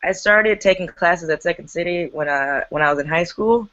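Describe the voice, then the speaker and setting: A woman's voice: on the low side, normal speed, fairly bright tone, highs cut off. A woman who runs an improv theater, chatting casually and laughing on a video call.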